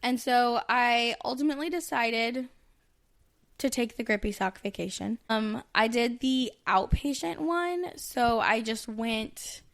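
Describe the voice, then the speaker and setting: A woman's voice: fairly high pitch, measured pace, a bit bright. A woman in her thirties candidly telling a personal story on a podcast, rambling with many fillers and restarts. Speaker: podcast co-host.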